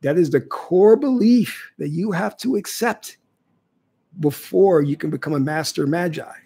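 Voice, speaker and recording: Husky gravelly guy giving spiritual lessons, kinda high voice, keeps saying okay. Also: expressive, a little slow, mellow. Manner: instructive, repeats phrases, asks "okay?" often. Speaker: spiritual teacher answering viewer questions. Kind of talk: casual livestream teaching.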